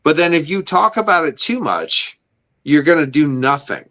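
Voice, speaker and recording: A man's voice: fairly high pitch, very animated, moderate pace, sharp tone. Profane rambling man telling stories. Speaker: podcast co-host. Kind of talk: casual chat.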